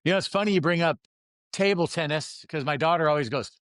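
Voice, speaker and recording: A man's voice: on the high side, fast, a bit bright, clear, resonant tone, no echo, studio quality. A man hosting an interview with a fellow chiropractor, upbeat and prompting with casual questions. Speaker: chiropractor host. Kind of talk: interview chat.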